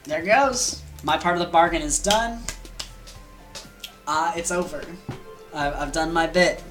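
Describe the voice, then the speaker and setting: A woman voicing a scheming male trickster god who talks fast and wheedles in casual slang. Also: sits low, very animated, a bit bright, faint music behind, exaggerated voice. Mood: smug.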